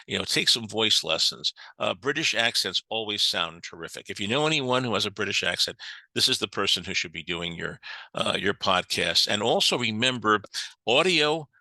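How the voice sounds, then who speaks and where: Older american guy, low gravelly voice, joking around while he teaches a seminar, lots of uh and um. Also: expressive, normal speed, sharp tone, dry recording, low-quality recording. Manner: chatty, joking, many fillers and restarts. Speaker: business speaker. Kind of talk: lively seminar talk.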